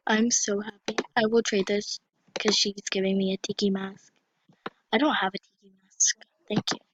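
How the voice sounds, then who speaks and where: A female YouTuber chatting casually over her gameplay. She is excitable and often drops to a whisper. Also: medium pitch, a little slow, long pauses, a little hiss or hum, rough recording. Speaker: YouTuber playing an online game.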